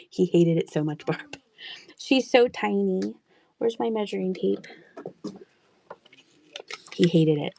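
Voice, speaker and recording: A woman's voice: medium pitch, gravelly, mellow. Chatty woman running a live sale. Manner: chatty, laughs often, drops to near-whispers. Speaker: livestream seller. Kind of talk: casual live auction selling.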